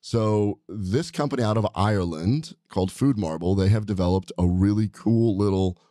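A man's voice: lowish voice, moderate pace, warm tone, no room sound. A man hosting a podcast, talking in an enthusiastic, rambling way with frequent restarts, in a studio. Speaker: podcast host, doctor. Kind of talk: casual podcast chat.

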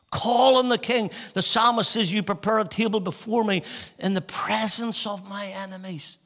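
A man preaching a sermon, rising to impassioned scripture and dropping to quiet, intimate appeals. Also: high voice, steady tone, normal speed. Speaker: pastor. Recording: long reverb of a large hall.

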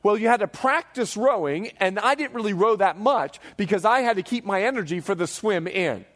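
A man in his forties, a pastor preaching a sermon to a congregation with animated storytelling, acting out the voices he quotes. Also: sits high, a little fast. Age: 40s. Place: church hall before a live congregation.

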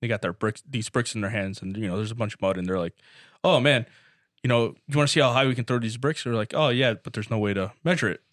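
A man's voice: medium pitch, fast talker, fairly bright tone, no room sound, studio quality. A young man in casual chat with friends, telling long rambling jokes and swearing freely. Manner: rambling joke-teller, swears a lot.

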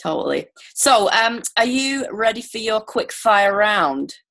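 A woman in her thirties with a northern English accent, hosting a casual remote podcast interview, chatty and quick with asides. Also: medium pitch, animated, vocal fry, fairly bright tone. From northern England. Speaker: podcast host.

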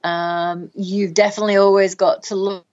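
A woman's voice: medium pitch, level tone, moderate pace, darkish tone, lo-fi sound. A woman with a Northern English accent, a guest practitioner explaining health topics in a podcast interview, talking in long runs full of ums.

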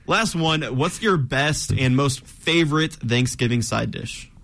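A man's voice: medium pitch, expressive, a little slow, vocal fry, a bit bright. A young man hosting a college radio sports talk show, running segment rundowns and teasing his co-hosts.

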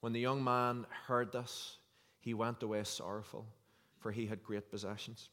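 Male pastor, mid-pitched, preaching earnestly in a reverberant church hall. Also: little pitch movement, normal speed, a bit bright. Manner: earnest, conversational preaching with scripture reading. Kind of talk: sermon.

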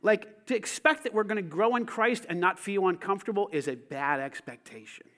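A pastor's sermon to his church alternates between soft, intimate passages and loud calls for the congregation to repeat after him. His voice sits high, and his delivery is brisk.

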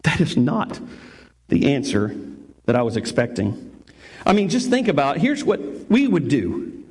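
A male pastor delivers a sermon in a lively, chatty, joking way. His voice sits a bit high and has a husky edge. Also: unhurried. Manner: animated, conversational, jokey preaching.

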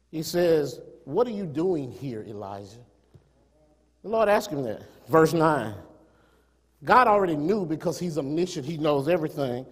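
High-voiced preacher in a reverberant hall. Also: male voice. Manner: preaching with rising emphatic swells and dropping to quiet asides; rhetorical questions to the congregation. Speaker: pastor. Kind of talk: sermon.

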